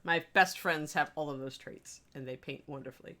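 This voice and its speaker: A woman's voice: low-pitched, moderate pace, pushed and bright. A woman hosting a casual live stream, bubbly and chatty, laughing often. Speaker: host of a miniature painting stream.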